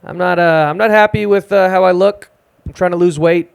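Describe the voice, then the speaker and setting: Deadpan young comedian on a club stage. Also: male voice, sits high, fairly quick, gravelly, clear, resonant tone. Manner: deadpan, self-deprecating delivery. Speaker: stand-up comedian. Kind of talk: stand-up set at an open mic. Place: small live music club stage.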